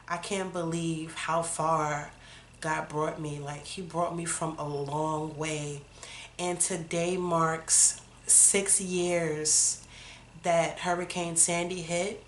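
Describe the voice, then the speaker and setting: A woman's voice: lowish voice, slight background noise. A woman in her thirties, a vlogger, telling her personal story in a candid, conversational way, full of fillers. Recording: roomy echo.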